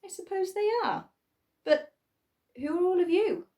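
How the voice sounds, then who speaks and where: A woman's voice: lively intonation, a little slow, warm tone. A woman voicing a small, shy, bluish-grey creature who is unsure of herself, speaking hesitantly in a storybook reading. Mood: earnest. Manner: hesitant, timid, high.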